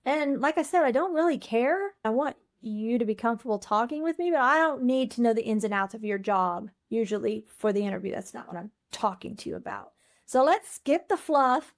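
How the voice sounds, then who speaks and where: A woman's voice: a little high, lively intonation, brisk. A woman UX researcher talking as a podcast guest, candid and blunt in casual interview chat.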